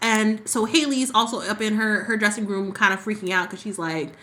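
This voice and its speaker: A woman co-hosting a podcast, casually recapping a soap opera and acting out the characters' lines in quick, sassy asides. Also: mid-range voice. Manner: animated storyteller who acts out characters' lines. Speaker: podcast co-host.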